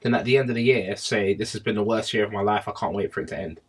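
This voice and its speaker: A man, a podcast co-host in casual chat among friends, animated and often breaking into loud laughter. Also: fairly low pitch, quick pace. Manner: animated, laughs loudly, trails off and restarts.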